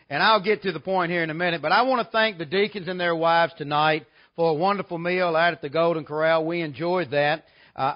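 A man's voice: sits high, lo-fi sound. A man, preaching a revival sermon as a guest preacher and telling jokes in a folksy way. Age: 40s. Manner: folksy, joking storyteller. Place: church sanctuary.

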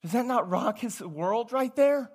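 Brief: high-pitched male preacher, conversational, animated sermon delivery. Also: unhurried. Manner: lively, conversational, swings between loud and hushed.

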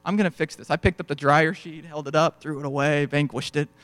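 A man's voice: on the high side, fairly even intonation, fairly quick, a bit bright, dry recording. A young adult man preaching a sermon in a conversational storytelling way, acting out bits of dialogue as he goes. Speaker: pastor.

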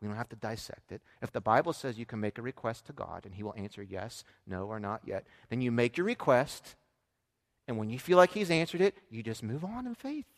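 A man in his thirties preaching a sermon, telling a family story in a conversational way that swings from hushed asides to loud emphasis. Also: mid-range voice, animated, brisk. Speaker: pastor. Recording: long hall reverb.

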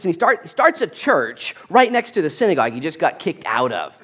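A man preaching a sermon as a pastor, telling stories with lively, animated energy and acting out the people in them. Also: on the high side, fairly quick. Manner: animated storytelling, acting out voices.

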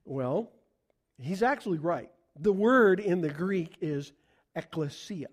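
A middle-aged pastor with a notably high voice gives a relaxed, conversational sermon. He talks to the congregation as if chatting with them and often throws questions out to them. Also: takes it slowly.

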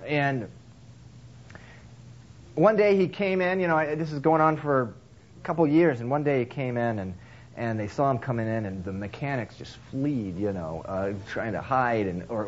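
A male preacher talks his way through a sermon in a relaxed, conversational manner, full of restarts and fillers. He slips into characters' voices with big jumps in pitch. The recording sounds somewhat dull and lo-fi. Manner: acts out characters' lines with lively swings in pitch. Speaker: pastor. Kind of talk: sermon with a told story.

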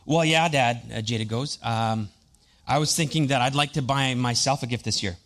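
A man's voice: mid-range voice, normal speed, a bit bright, slight background noise. Chatty man preaching with homey stories. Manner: chatty, storytelling, self-deprecating humor. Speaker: pastor. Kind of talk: sermon with personal stories.

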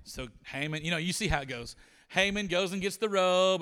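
A man preaching a sermon in a church, retelling a story with animated voices for the characters. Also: on the high side, moderate pace, pauses often, clean tone. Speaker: pastor. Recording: reverberant church hall.

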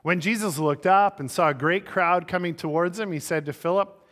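A man preaches to his congregation, telling stories with lively delivery and acting out their characters. His voice sits a little high for a man. A long reverb from the large hall trails behind every phrase. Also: moderate pace. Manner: animated storyteller, voices the people in his stories. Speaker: pastor. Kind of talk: sermon with storytelling.

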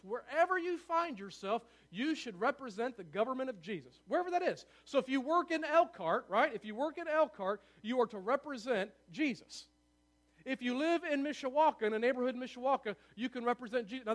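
A man delivers a sermon in a church, his voice pitched unusually high. He talks at a rapid clip and gets visibly excited, checking in with his listeners as he goes. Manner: excitable, fast-talking, asks the room for agreement. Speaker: pastor. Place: church sanctuary.

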